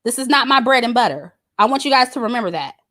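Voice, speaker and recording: A woman's voice: on the high side, lively intonation, fast, bright, forceful tone. Woman; casual, blunt commentator who curses freely and repeats her points for emphasis. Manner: blunt, cursing, emphatic and repetitive. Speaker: YouTube commentator. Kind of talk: casual direct-to-camera rant.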